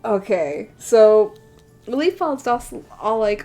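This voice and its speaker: A woman's voice: medium pitch, lively intonation, slow pace, mellow, soft background music. A young adult woman ranting casually about books while she draws, laughing often and sounding exasperated. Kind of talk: casual rant while drawing.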